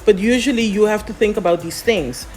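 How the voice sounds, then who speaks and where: A woman scriptwriter explaining how to write a script in a relaxed, chatty way, often pausing on "um" and "you know". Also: medium pitch, faint music behind. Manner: chatty, many fillers, explains step by step. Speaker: scriptwriter guest. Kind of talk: explaining scriptwriting in a casual chat.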